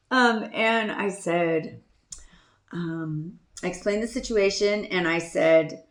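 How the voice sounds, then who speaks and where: A woman's voice: lowish voice, takes it slowly, reverberant. A woman hosting a podcast, telling a casual story in a chatty, self-deprecating way, laughing often and trailing off with ums. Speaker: podcast host.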